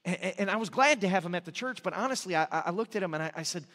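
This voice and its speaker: Male pastor, high voice, casual and joking sermon, echoey sanctuary. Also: animated, very fast, sharp tone. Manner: casual, joking storytelling with many restarts. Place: church sanctuary.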